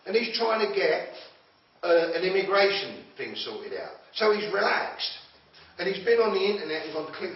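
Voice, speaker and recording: A man's voice: high-pitched, expressive, normal speed. A man giving a blunt, confrontational motivational talk to a group, challenging them with questions. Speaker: motivational speaker. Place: room with a group listening. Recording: echoey room, far from mic, dull lo-fi.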